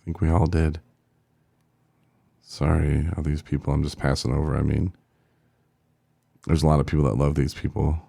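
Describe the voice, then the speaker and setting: A man's voice: very deep voice, level tone, moderate pace, gravelly, pauses often, dark tone, no echo. A man co-hosting a podcast in casual, rambling chat, joking and trailing off as he goes through a list. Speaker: podcast co-host.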